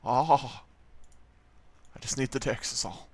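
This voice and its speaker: A man's voice: mid-range voice, lively intonation, normal speed, fairly bright tone, no room sound. A man casually commenting on his livestream while drawing, rambling, joking and swearing a lot. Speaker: streamer.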